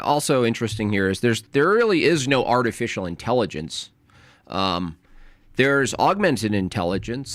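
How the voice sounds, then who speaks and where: A man's voice: lowish voice, fairly bright tone, no echo. A man giving sarcastic, mocking reaction commentary on a video he is watching.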